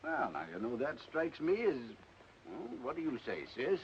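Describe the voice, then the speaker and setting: A middle-aged horse trainer with a drawl, easygoing and a little hesitant. His voice rises and falls freely. It comes through a dull old film soundtrack with a soft hiss. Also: a little high, very animated, moderate pace. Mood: folksy. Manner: folksy, hesitant rural drawl. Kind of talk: 1940s film acting.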